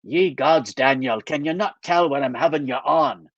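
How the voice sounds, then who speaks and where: A gruff Scottish émigré man, dry and teasing, grumbling at his young companion, as an author voices him in a reading. His voice sits a little high and bright for a man. The sound is dull and dry, as if recorded close on a modest mic. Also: normal speed, dry recording. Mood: wry.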